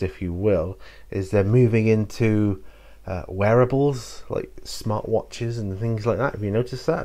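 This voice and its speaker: Speaking in a lowish, darkish voice, a man answers viewer questions in a casual solo chat to camera on his channel. His delivery wanders and stalls, packed with fillers and restarts.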